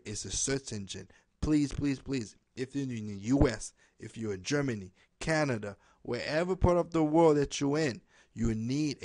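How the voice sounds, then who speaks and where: A man making a direct appeal to camera, pleading and repeating himself, ending most lines with a low "okay?". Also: a little mellow, no room sound. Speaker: home business promoter.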